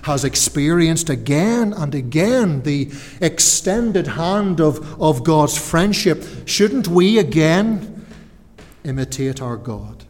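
A man preaching a sermon, earnest and slowing down to stress key words. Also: mid-range voice, darkish tone. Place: church. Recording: church hall reverb.

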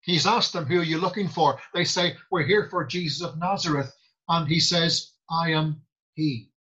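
A man preaching a sermon, quoting scripture slowly and deliberately with emphatic pauses. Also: a little high, sharp tone, breathy edge, muffled recording.

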